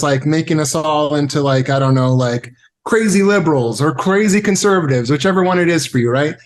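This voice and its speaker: Man, guest on a chat show, thoughtful storytelling, slightly high voice. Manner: reflective, conversational storytelling. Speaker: podcast guest. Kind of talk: casual conversation.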